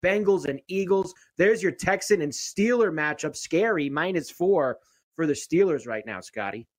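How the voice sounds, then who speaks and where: A man's voice: a little high, expressive, normal speed. A man hosting a sports betting show, steadily reading news and betting lines and moving the show along.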